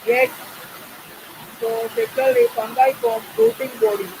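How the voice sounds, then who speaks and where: Very high-voiced biology teacher. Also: male voice, very animated, a little slow, gravelly, background noise. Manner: keeps checking in with students. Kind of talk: online class lecture. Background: faint rain.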